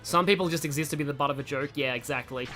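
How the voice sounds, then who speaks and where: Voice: medium pitch, racing, pushed and bright, soft background music. A young adult streamer giving casual, rambling gameplay commentary, often breaking off mid-sentence. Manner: rambling, chatty, self-interrupting. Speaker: gaming streamer.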